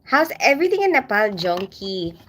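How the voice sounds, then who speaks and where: A woman's voice: mid-range voice, big pitch swings, normal speed, a bit bright, slight background noise. A middle-aged woman from the Philippines hosting a casual livestream from home, reading comments and greeting viewers by name with frequent laughter. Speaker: livestream host.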